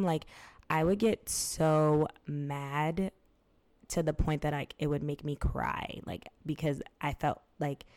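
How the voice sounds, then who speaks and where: A woman's voice: deep voice, a little mellow, clean tone. A young woman co-hosting a podcast, talking candidly and casually, swearing and acting out quotes as she tells a story. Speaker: podcast co-host. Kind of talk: casual chat.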